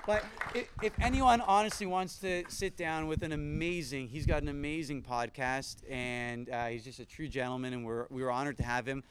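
A man hosting a casual live podcast chat at a camp event, animated and laughing often, tired from no sleep. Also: on the high side, normal speed, a little hiss or hum. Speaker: podcast host.

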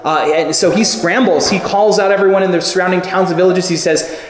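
A man preaching a sermon, telling stories with lively acted-out quotes. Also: sits high, fairly quick, background noise. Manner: animated storytelling with acted quotes. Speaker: pastor. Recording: echoey hall with long reverb.

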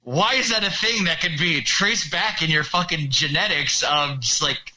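A man in a casual podcast chat, animated and profane, riffing on jokes. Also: on the high side, moderate pace, low-quality recording.

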